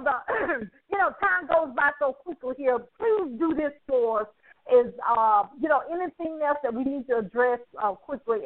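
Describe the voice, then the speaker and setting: A woman hosting a radio talk show, effusive and encouraging, laughing often. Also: sits high. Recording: phone line.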